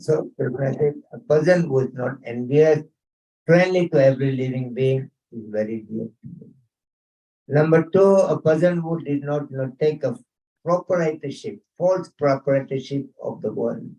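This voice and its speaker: A little off-mic, a spiritual teacher with a mid-range, warm and mellow voice runs a casual scripture class in someone's home. He blends chanted Sanskrit verses with chatty stories and chuckles.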